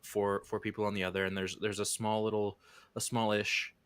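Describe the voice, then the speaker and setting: A man's voice: on the low side, level tone, a little fast, fairly bright tone, clean tone. A man narrating a tabletop game as game master, describing scenes in a rambling way. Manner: rambling, many fillers and restarts.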